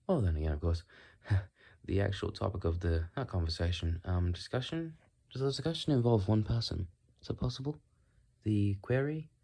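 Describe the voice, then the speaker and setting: A man musing aloud in a put-on British accent, calm and inquisitive, talking with a dry mouth in a rambling solo monologue. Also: lowish voice, moderate pace, gravelly. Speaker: video creator.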